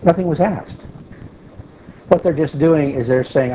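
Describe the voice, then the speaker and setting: A man's voice: mid-range voice, normal speed, warm tone. A man giving a conversational Bible teaching, explaining patiently and repeating key phrases for emphasis. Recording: dull lo-fi recording with faint hiss.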